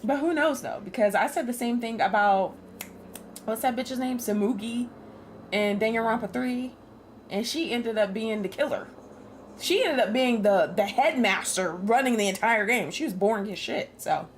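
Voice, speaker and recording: A woman's voice: a little high, moderate pace, a little hiss or hum. Chatty, laughing woman streamer. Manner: chatty, swears freely, laughs often. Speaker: game streamer. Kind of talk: casual gameplay commentary.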